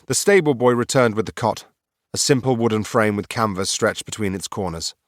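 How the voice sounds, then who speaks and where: Deep-voiced wry male audiobook narrator. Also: fairly quick, dry recording, clean studio sound. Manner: wry, sardonic first-person ghost narrator. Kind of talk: scripted narration.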